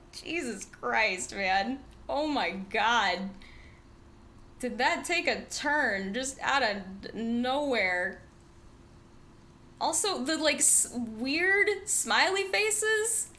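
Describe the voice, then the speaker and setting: High, bright-voiced woman streamer. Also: lively intonation, extremely slow. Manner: exasperated, swearing, frequent laughs. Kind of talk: casual game-stream chat.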